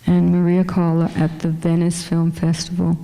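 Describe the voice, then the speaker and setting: A woman's voice: fairly low pitch, monotone, moderate pace, creaky, dark tone. A woman fashion photographer with a small voice, chatting casually with many fillers as she shows her photos in a museum lecture hall.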